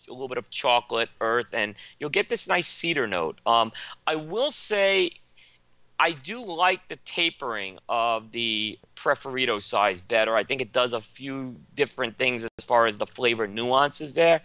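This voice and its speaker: A man's voice: mid-range voice, animated, measured pace, bright, forceful tone, clear, resonant tone, no echo. A man from Brooklyn with a Brooklyn accent, co-hosting a casual show and running through cigar and coffee notes with plenty of "um"s. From Brooklyn, New York. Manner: enthusiastic, filler-heavy product rundown. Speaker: co-host. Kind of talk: casual cigar review chat.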